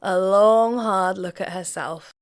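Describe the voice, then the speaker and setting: Female co-host, mid-pitched, calm observational recaps. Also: takes it slowly. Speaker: co-host reacting to reality TV. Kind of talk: casual reaction chat.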